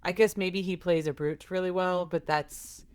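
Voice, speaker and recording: Brief: woman, 30s, lower-pitched podcast co-host, lively casual banter, close dry sound. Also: moderate pace, clean tone, no room sound. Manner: animated, laughs often, jumps into pitch on quoted lines. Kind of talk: casual chat.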